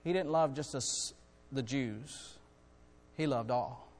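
A man's voice: mid-range voice, slow pace. Earnest preacher man in a reverberant church. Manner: earnest, building to loud storytelling climaxes. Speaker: guest preacher. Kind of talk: sermon. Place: church sanctuary. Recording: long hall reverb.

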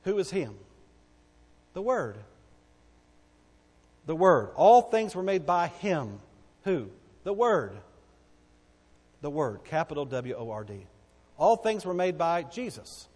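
High-pitched guy preaching in church, big echoey hall, loud then quiet, keeps asking "what?". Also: sing-song, slow, long pauses. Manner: emphatic preaching, call-and-response questions, swings from loud to hushed. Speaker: pastor. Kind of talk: sermon. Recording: long hall reverb.

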